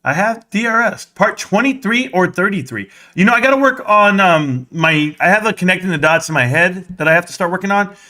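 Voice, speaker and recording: A young man hosting a live stream, talking excitedly, reading chat and yelling at times, sweaty and winded. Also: high voice, a little fast, few pauses. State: sweating in a helmet. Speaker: livestream host.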